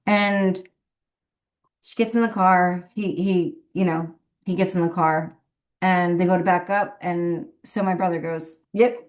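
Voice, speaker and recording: A woman's voice: on the low side, steady tone, unhurried. A woman who works as a medium, telling a rambling story in a casual, chatty way and laughing often between phrases. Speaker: professional medium.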